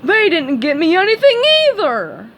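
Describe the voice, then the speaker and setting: A woman's voice: extremely high pitch, big pitch swings, normal speed, slight background noise, voice pushed up, full character voice. A woman voicing a furious male starfish turned monster, bellowing threats in a raised voice. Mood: vengeful.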